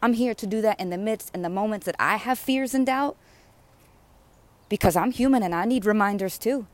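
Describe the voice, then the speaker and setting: Speaking a little fast in a medium-pitched voice, a female spiritual speaker delivers a fervent, rhythmic sermon. She repeats phrases with mounting intensity.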